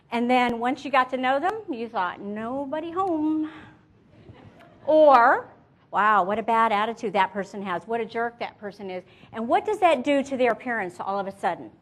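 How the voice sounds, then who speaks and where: A middle-aged woman, an image consultant, giving a lively motivational presentation and addressing her audience directly with stories. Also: on the high side.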